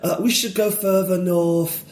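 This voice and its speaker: A man's voice: high voice, steady tone, unhurried, darkish tone, echoey room. A man putting on a brooding, bored young man with a Yorkshire accent, in a drawling, mock-dull voice.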